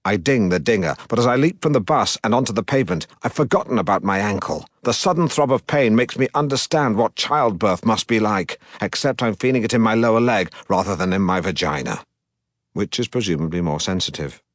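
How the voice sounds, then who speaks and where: A man playing a pompous middle-aged broadcaster, audiobook narration, deadpan and self-regarding, low voice, dry close sound. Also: a little fast, dry recording, close to an everyday voice.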